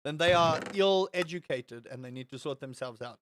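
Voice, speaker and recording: A man's voice: a little high, normal speed, noisy background. Rambling young man streaming to chat. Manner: rambling, repeats words, swears. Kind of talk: casual live-stream chat while gaming.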